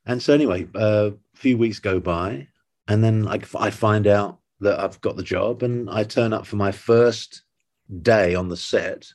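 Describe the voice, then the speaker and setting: An older man, an actor guest, telling stories in lively conversation and acting out the voices of the people in them. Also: lowish voice, unhurried. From England. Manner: animated anecdotes, acting out quoted voices. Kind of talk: conversational storytelling.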